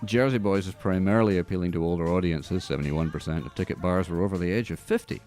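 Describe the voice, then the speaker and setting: Brief: deep-voiced Australian male podcast co-host, wry news reader, faint music bed. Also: fast, a little mellow. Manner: reads news items with wry asides. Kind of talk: casual film news chat.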